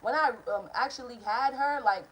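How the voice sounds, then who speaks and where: A woman's voice: high voice, moderate pace, slight background noise, low-quality recording. A young woman telling a casual storytime vlog, rambling, blunt and profane, drifting off topic while talking straight to her viewers. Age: young adult. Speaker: vlogger.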